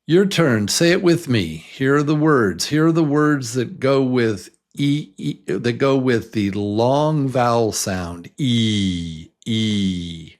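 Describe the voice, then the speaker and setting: A man teaching a beginner English pronunciation lesson, leading slow, patient drills and encouraging his learners. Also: mid-range voice, animated.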